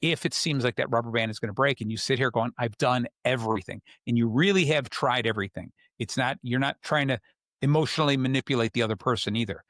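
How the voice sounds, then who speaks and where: In clean, studio-quality audio without room sound, a man hosts a podcast and chats through relationship advice. His mid-range voice is a bit bright and fast. He acts out what other people say, keeping the whole thing casual and conversational.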